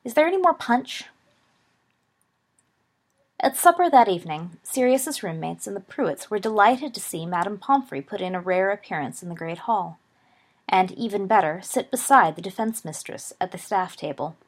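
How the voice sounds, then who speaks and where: A woman narrating a story aloud with an even, steady reading. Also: medium pitch, normal speed. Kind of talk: audiobook narration of fan fiction.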